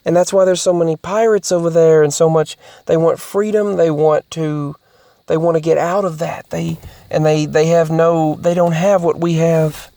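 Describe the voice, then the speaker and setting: A vlogger in a casual podcast-style monologue who talks haltingly, restarts often and repeats words, and sometimes drops to soft, near-whispered asides. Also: mid-range voice, steady tone, vocal fry, dry recording.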